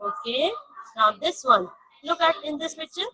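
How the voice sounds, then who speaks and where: A woman teaching a science lesson to young children, repeating each point slowly and stressing key words, in English with non-native grammar. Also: sits high, expressive, bright, forceful tone, low-quality recording. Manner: slow, repetitive, emphatic teaching.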